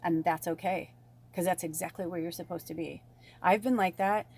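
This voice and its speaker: A woman's voice: lowish voice, steady tone, normal speed, a little mellow, husky. A woman casually talking through a spiritual tarot reading to her viewers, rambling and bubbly in manner. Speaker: tarot reader.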